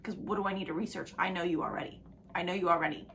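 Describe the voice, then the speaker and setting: A young woman rambling casually to camera about her reading goals, excitable and profane, trailing off into half-whispered asides. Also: lowish voice, racing, gravelly, slight background noise. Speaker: book vlogger.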